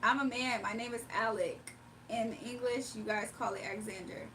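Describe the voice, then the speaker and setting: A woman's voice: fairly high pitch, steady tone, normal speed, bright, forceful tone, recorded from a distance, slight background noise. Chatty woman streamer, slightly off-mic. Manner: chatty, laughs often, reads chat messages aloud. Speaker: livestreamer reading chat. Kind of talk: casual livestream chat.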